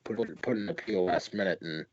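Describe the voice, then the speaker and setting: A man's voice: sits low, quick pace, a little hiss or hum. A man hosting a podcast in casual chat, talking bluntly with plenty of swearing and rambling asides. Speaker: podcast host. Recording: dull lo-fi audio.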